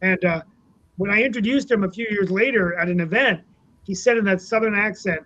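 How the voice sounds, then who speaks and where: A man with a fairly high voice shares memories in an unhurried, filler-heavy way. He co-hosts a casual political talk show. The sound is a bit dull and lo-fi. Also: fairly bright tone. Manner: reminiscing, many uh fillers. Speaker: co-host, city councilman.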